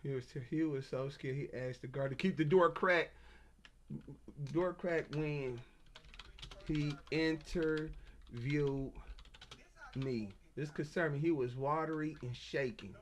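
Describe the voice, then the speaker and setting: Brief: high-pitched man, agitated stammering monologue rant. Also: takes it slowly, pauses often, slight background noise. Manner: agitated, stammering, repeats himself. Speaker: self-published author.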